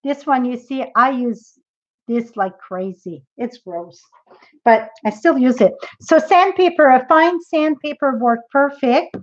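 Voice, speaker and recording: A woman's voice: high-pitched, unhurried, lo-fi sound. A woman demonstrating a craft project in a live tutorial, chatty and thinking aloud as she works.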